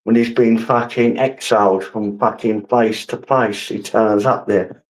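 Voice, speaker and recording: A man's voice: on the low side, steady tone, measured pace, low-quality recording. A man with a casual, swearing manner, rambling through stories and answering his chat as a live streamer.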